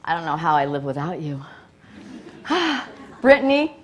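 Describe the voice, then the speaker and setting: A woman giving an excited, grateful acceptance speech at a live award event, laughing often and nervous enough that her hands shake. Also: deep voice, a little slow, slight background noise.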